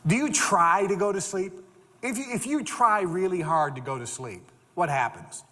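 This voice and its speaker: Older man, motivational speaker, animated storytelling, repeats words, slightly high voice, long hall reverb. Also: moderate pace. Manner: animated, repeats words, acts out quoted dialogue. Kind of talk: storytelling talk.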